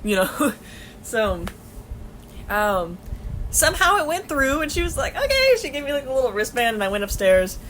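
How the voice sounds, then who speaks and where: High-voiced young woman telling a rambling story. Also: expressive, moderate pace, a bit bright, a little hiss or hum. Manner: rambling, swears a lot, laughs often. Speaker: vlogger. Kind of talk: casual vlog storytelling.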